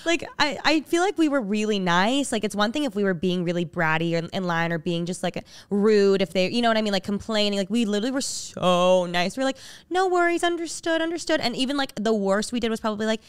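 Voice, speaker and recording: A woman's voice: mid-range voice, fast talker, hardly any pauses, clear, resonant tone, no room sound, studio quality. A young woman co-hosting a podcast who chats casually and supportively and explains things at length. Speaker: podcast co-host. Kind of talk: casual chat.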